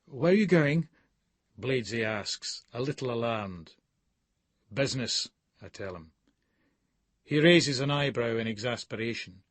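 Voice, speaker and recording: Scottish guy reading a novel, husky, swings his pitch around a lot, brash and sneery. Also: a bit bright, dry recording. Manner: coarse, brash, sneering delivery. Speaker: audiobook narrator. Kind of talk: first-person novel narration.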